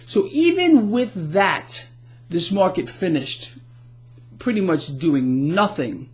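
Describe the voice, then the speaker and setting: A middle-aged man hosting a casual market commentary blog, animated and sarcastic, stumbling into restarts. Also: sits high, slow.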